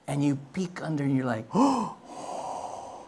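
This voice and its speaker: A pastor, preaching a sermon through playful, animated storytelling. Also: medium pitch, a little slow. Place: church.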